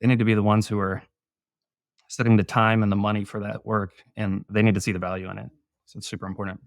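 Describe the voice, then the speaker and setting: A man's voice: on the low side, level tone, quick pace, creaky, no room sound, clean studio sound. A man, a guest author, explaining his views in a casual panel discussion. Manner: explanatory, conversational.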